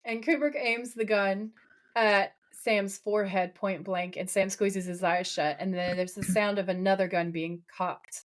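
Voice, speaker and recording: A woman's voice: mid-range voice, a little slow. A woman co-hosting a podcast, casually recapping a TV episode, acting out lines and swearing freely. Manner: animated retelling, acts out quoted lines, swears casually. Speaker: podcast co-host.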